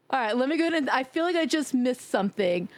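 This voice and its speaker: A woman streaming live in a casual, playful chat, teasing her viewers and laughing loudly. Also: no room sound. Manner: drops to a low sultry tease at times.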